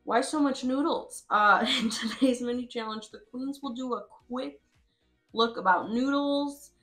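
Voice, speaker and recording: A woman's voice: fairly high pitch, unhurried, a bit bright, soft background music. A woman giving casual, chatty commentary over a game, laughing often and swearing freely. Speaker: host.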